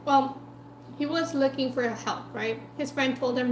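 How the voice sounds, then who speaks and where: A woman food vlogger telling a story in a chatty, animated way while eating, full of "like" and asides. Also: high-pitched, moderate pace, roomy sound, a little hiss or hum, low-quality recording.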